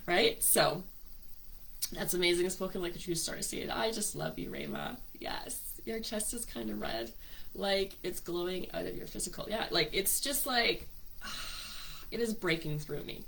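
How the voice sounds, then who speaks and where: A woman's voice: lowish voice, very animated, measured pace, vocal fry, a bit bright, a little hiss or hum, rough recording. A woman hosting a live spiritual workshop, gushing and emotional as she greets viewers by name.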